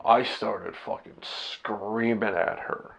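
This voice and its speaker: A man's voice: fairly low pitch, steady tone, slow, creaky, fairly bright tone, breathy edge. A man talking candidly to his own camera, blunt and profane, rambling with restarts as a husband and father. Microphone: camera set up by himself.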